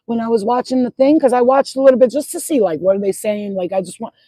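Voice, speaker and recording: A woman's voice: fairly high pitch, quick pace, mellow, dry recording, rough recording. A middle-aged woman rambling in a casual livestream chat outdoors at sunset, swearing freely and repeating herself as she goes. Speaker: spiritual channel host.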